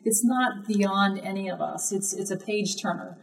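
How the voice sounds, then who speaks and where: A woman's voice: medium pitch, normal speed, gravelly, far from the mic, slight background noise, rough recording. Woman, radio co-host, earnest, a little hesitant, sits back from the mic. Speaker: co-host discussing a book. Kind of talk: casual radio talk.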